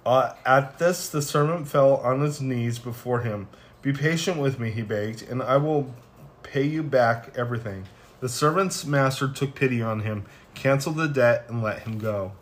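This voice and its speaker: A man reading scripture passages aloud in plain, unhurried reading with small stumbles, then closing in prayer. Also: medium pitch. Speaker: scripture reader.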